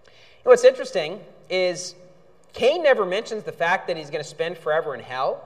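A man's voice: high voice, animated, moderate pace. A male pastor preaching a sermon, indignant, with outbursts when angry. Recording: reverberant hall.

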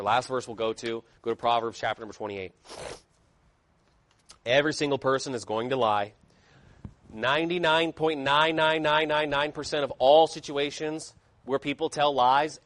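A man's voice: medium pitch, fairly bright tone, dry recording. A man preaching a sermon with emphatic, rising and falling intensity, reading scripture aloud in old-style wording.

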